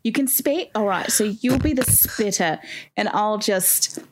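A woman's voice: medium pitch, animated, measured pace. A woman playing a rambling bumbling kidnapper. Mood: scheming. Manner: rambling, chatty, jumps between ideas. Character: bumbling castle kidnapper named Reggie. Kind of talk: improv comedy scene.

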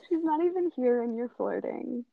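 A woman's voice: high-pitched, huge pitch swings, a little slow, creaky, a loud crowd. A young woman co-hosting a casual podcast over a call, chatty and teasing. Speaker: podcast co-host. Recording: dull lo-fi call audio with faint hiss.

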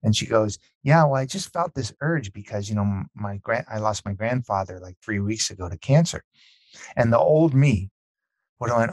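A middle-aged man speaks in a fairly low voice, earnest and animated as he tells personal stories and puts on the lines of the people in them. The sound is dry and close, with no room around it. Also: normal speed, no echo. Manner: earnest, animated, acts out quoted dialogue. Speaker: podcast guest. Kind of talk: conversational storytelling.

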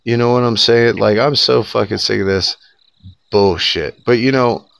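A man's voice: lowish voice, normal speed, gravelly, no echo. A man co-hosting a casual podcast, ranting sarcastically and swearing freely. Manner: profane, sarcastic, animated ranting with laughs. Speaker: podcast co-host. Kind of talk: casual political podcast rant.

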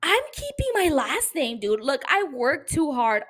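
A tipsy woman with a non-native English accent, hosting a podcast in a blunt, profane, animated casual monologue. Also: sits high, normal speed. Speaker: podcast host.

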